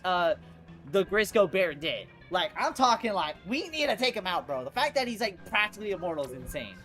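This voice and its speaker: A woman live streaming a video game, chatting casually in slangy, animated speech that leans on "bro" constantly. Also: fairly low pitch, fairly quick, faint music behind. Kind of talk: casual livestream chatter over gameplay.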